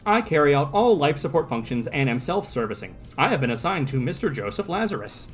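A man voicing a calm male replacement-body robot in a flat, formal recital. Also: fairly high pitch, fairly quick.

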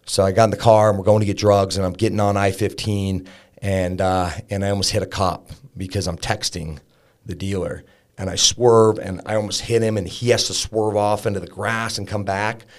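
A man's voice: on the low side, little pitch movement, normal speed. A man telling a raw personal story as a podcast guest, frank and casual, swearing and peppering his talk with fillers. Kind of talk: candid personal storytelling in an interview.

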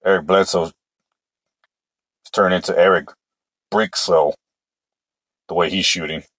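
Male sports podcast host, deep voice, opinionated rambler, dry close-mic sound. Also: steady tone, a little slow, fairly bright tone, husky, no echo. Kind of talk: casual solo sports talk.

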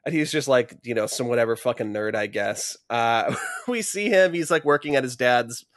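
A man's voice: medium pitch, animated, normal speed, no room sound. Man co-host, casual profane film recap, laughs a lot, dry close sound. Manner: profane, laughing, acts out scenes. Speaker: podcast co-host.

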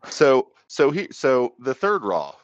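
A man's voice: medium pitch, huge pitch swings, slow pace, no room sound, dull audio. A man co-hosting a casual podcast, chatting and joking loosely with his friend. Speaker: podcast co-host. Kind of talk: casual chat.

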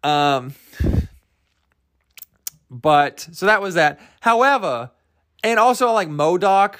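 A man talks on his own in a loose, rambling podcast monologue. His voice sits a bit higher than most men's. He swears freely, jokes at his own expense and keeps restarting his sentences. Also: lively intonation, slow pace, a bit bright. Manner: loose, profane, jokey, with many fillers and restarts. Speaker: podcast host.

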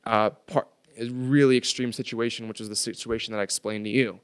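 A man in his twenties appears as a podcast guest, telling a story in casual, slangy speech and getting loud as he acts out his anger. His mid-range voice is clear and resonant, with a steady tone and a slightly fast pace.

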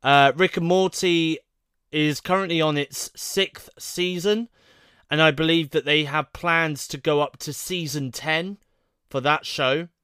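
A man's voice: a little high, steady tone, unhurried, bright, forceful tone, smooth, no echo, clean studio sound. Rambling, self-doubting male vlogger. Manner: rambling, thinking aloud, unsure of himself. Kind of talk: casual solo chat to camera.

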